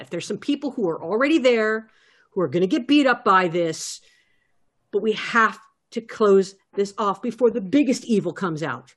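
A woman's voice: mid-range voice, expressive, normal speed. A woman player in a tabletop game, chatty and repetitive. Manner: chatty, repeats herself. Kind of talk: casual tabletop game talk.

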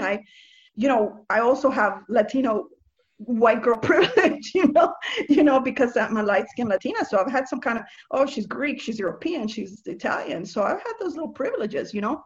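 An earnest woman from Nicaragua shares a personal testimony in a reflective, searching way, circling back and repeating words as she talks. Her voice sits a little high for a woman. The sound is dull and lo-fi. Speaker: speaker on faith and empathy. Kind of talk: personal testimony, casual talk.

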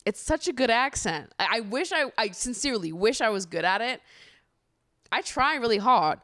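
A woman's voice: on the high side, lively intonation, moderate pace, pushed and bright, dry recording, clean studio sound. A young American woman hosting a casual podcast, chatty and giggly, swearing casually as she talks. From United States. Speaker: podcast host. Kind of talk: casual chat.

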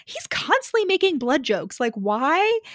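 Woman podcast cohost, swears a lot, animated, dry close sound. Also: high-pitched, unhurried, no room sound. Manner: profane, animated retelling with laughs. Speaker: podcast co-host. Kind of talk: casual chat.

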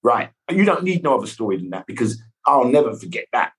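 A middle-aged man, a guest actor, telling anecdotes with lively sound effects and voices. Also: medium pitch, quick pace. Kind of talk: animated storytelling.

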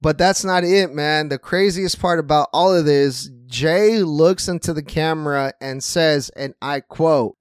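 A slightly tipsy man hosts a podcast, recapping events in an excitable, foul-mouthed rush. His voice sits a bit high and sounds smooth and resonant. It is recorded close and dry, with no room sound. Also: unhurried, hardly any pauses, no room sound. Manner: excitable, swears freely. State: tipsy from drinking. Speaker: podcast host. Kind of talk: casual wrestling recap.

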